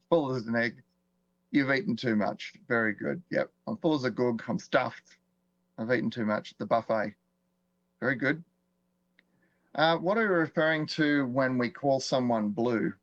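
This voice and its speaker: An Australian man leads a live online class, chatty and relaxed, tossing quiz questions to viewers with easy chuckles. His voice sits in a middling range. The sound is dry and a little dull, like lo-fi stream audio picked up at a desk. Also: medium pitch, a little slow, pauses often, dry recording. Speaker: online course instructor. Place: indoors at a desk with screens.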